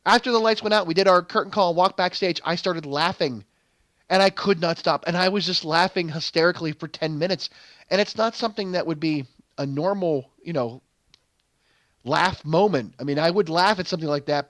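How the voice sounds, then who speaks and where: A man's voice: fairly high pitch, fairly quick, a bit bright, no echo. A young adult man hosting a game channel, telling a long stage story in rambling casual commentary, full of fillers and restarts. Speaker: gaming channel host.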